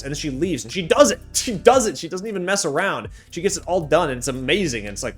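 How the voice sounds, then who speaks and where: A man giving a casual, sarcastic anime review with big jumps in pitch. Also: very animated, quick pace, few pauses, soft background music. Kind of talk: casual commentary.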